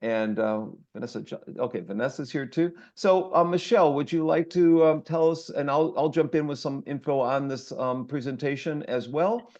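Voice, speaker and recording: A man's voice: fairly high pitch, normal speed, hardly any pauses, darkish tone, dull audio. A man hosting an online class as instructor, introducing guests in a rambling way with many fillers and restarts. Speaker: course instructor and host. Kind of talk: casual online class talk.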